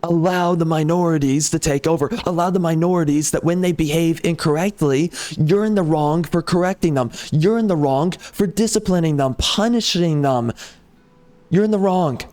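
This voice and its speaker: A man's voice: fairly high pitch, normal speed, few pauses, a little mellow. A man ranting off the cuff over gameplay, heated and sarcastic, often repeating himself. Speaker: gaming channel host.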